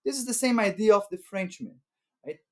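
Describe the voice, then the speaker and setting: A man's voice: high-pitched, expressive, a bit bright. A man from Brazil, a native Portuguese speaker with a Brazilian Portuguese accent, giving casual advice as a language vlogger and often checking in with "right?". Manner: unhurried, tags points with "right?".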